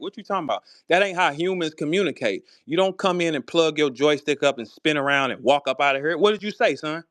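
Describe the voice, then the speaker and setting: Confrontational male host, high-pitched and profane, bouncing between taunts and laughter; dry sound. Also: expressive, fast, few pauses, a bit bright, no echo. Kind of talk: heated live audio chat. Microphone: online audio room.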